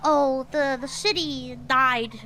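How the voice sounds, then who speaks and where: A woman from Canada plays a fellow officer in an online game roleplay. Her voice sits high, and she delivers her jokes flat and deadpan. A faint hiss runs under her voice. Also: takes it slowly.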